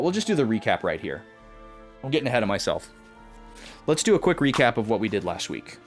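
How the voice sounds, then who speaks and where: A man streaming a video game, casually recapping last week's progress with many filler sounds and restarts. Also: fairly low pitch. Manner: rambling with many filler uhs. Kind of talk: casual let's-play recap.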